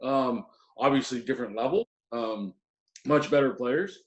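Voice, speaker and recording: A man's voice: mid-range voice, measured pace, dull audio. A middle-aged man, a former assistant hockey coach, reminiscing in an interview with many ums and restarts. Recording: roomy echo.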